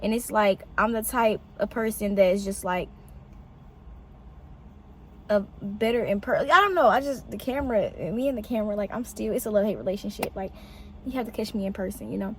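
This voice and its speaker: A young woman vlogging casually, telling an animated story full of fillers and swearing. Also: brisk, a little hiss or hum. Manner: animated, swearing, filler-heavy, pitch jumps on exclamations. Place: outdoors in shade.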